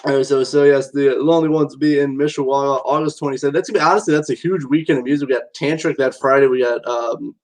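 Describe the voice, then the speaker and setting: A man's voice: mid-range voice, fast talker, hardly any pauses, poor audio. A man hosting a radio interview show, chatting casually with short reactions and easygoing slang. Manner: relaxed, brief reactions, friendly slang.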